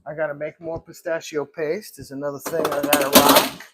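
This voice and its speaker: A man who runs a gelato shop, chatting casually on a live stream as he works and often clearing his throat. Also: a little high, level tone, brisk. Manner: chatty, talks to himself while working, clears throat often. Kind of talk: casual live-stream chat while working. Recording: clear background noise with clicks.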